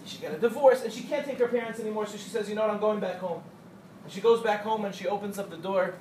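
A man teaching a Torah class to young women, telling parables with animated, acted-out quotes and light joking. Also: sits high, quick pace. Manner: animated storyteller who acts out quotes and jokes with the audience. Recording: echoey room, distant mic, faint hum.

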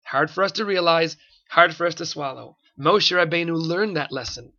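Male religious teacher, fervent, repeats for emphasis, sharp tone. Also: fairly high pitch, moderate pace, highs cut off. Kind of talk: sermon-style Torah talk.

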